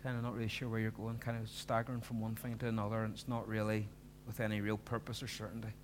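A man's voice: fairly low pitch, completely flat delivery, fast talker, slight background noise. A man preaching a sermon, earnest and pleading, pressing his listeners with emphatic questions.

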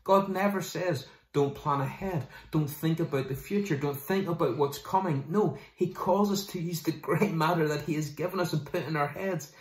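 A male pastor delivering a sermon, lively and conversational, sometimes mimicking people in quick asides. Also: fairly high pitch, reverberant.

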